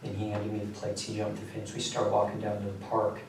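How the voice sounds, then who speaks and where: Teen male suspect, halting and quiet; distant mic, echoey room, faint hiss. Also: on the low side, monotone. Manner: quiet, halting, with many fillers. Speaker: suspect under interrogation. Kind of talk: recounting events in a police interview. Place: interrogation room.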